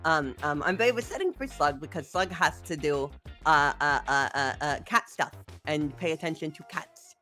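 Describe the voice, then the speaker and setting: A woman joining a stream as guest host, chatting casually and a bit flustered, with screechy high edges in her voice. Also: moderate pace, few pauses, soft background music. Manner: bright, a bit flustered, repeats herself, soft-spoken intro.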